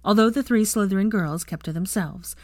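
A woman reading fan fiction aloud with an expressive reading voice. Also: mid-range voice, a little fast, no room sound.

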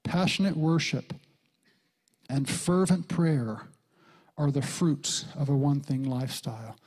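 Male pastor, middle-aged, sermon, animated storytelling, whispered asides, fairly high voice. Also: measured pace, slightly rough. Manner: animated storytelling, jumps in pitch, acts out quotes in soft whispers.

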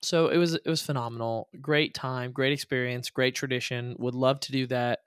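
A man co-hosting a marriage podcast, speaking earnestly and haltingly, often repeating himself. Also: medium pitch, fairly even intonation, clean tone, no echo, studio quality. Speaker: podcast co-host. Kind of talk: casual chat.

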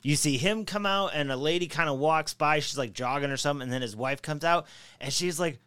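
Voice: mid-range voice, brisk, clear, resonant tone. A podcast co-host telling funny stories in casual chat, swearing and laughing. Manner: animated storyteller, swears, laughs while talking.

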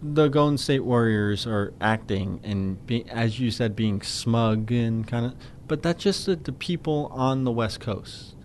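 A man of middling pitch co-hosts a casual sports talk, stumbling over restarts before landing blunt opinions. A faint noise hums under his voice. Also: a little slow, few pauses, a little mellow.

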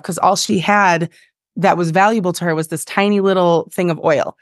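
A woman in her thirties with a lowish, steady voice talks at normal speed as a podcast guest, in studio-quality audio with no room sound. The interview is casual, and she's sincere but rambling, full of fillers like "like" and "um," with a brief emotional moment.

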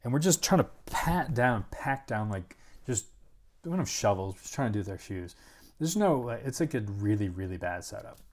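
A middle-aged man, speaking at a moderate pace in a lowish voice, tells a story as an interview guest. His casual storytelling rambles with animation, packed with "like" and restarts, and he acts out other people's lines.

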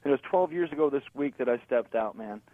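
This middle-aged man, a guest musician being interviewed, speaks fairly quickly at medium pitch, relaxed and full of slang, getting animated during jokes. The sound has no echo but is tinny, as if over the phone.

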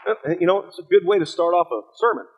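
A middle-aged man, a pastor preaching a sermon, telling stories in an earnest, halting way with fillers and restarts. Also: high-pitched, lively intonation, breathy edge, shouting, dull audio.

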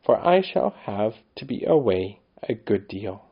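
A man voicing a worried, loving mother in a storybook reading, speaking low, soft and tender. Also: very animated, a little slow, slightly rough, muffled recording, heavily acted.

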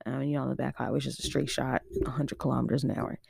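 A young woman from Nova Scotia hosting a podcast, telling a personal story in a chatty, animated way, filled with "like" and acted-out quotes. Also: extremely low pitch, fast, creaky, husky, no room sound, clean studio sound. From Nova Scotia, Canada. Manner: chatty and animated, heavy use of "like", acts out quotes. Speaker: podcast host. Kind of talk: casual storytelling monologue.

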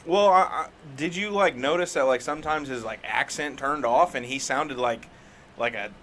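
A man's voice: medium pitch, moderate pace, fairly bright tone, a little hiss or hum. A man co-hosting a podcast in a laid-back way, laughing and saying "like" a lot. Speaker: podcast co-host. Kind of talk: casual chat.

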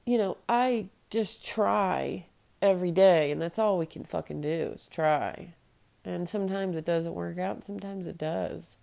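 A late-30s woman hosting a solo podcast vents frustration bluntly, profanity included. Her voice is low-pitched and mellow, with vocal fry.

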